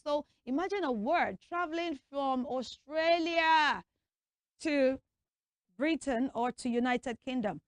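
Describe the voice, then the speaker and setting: A young woman presenting a children's TV lesson, coaxing answers in a lively call-and-response way. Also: high-pitched, no echo.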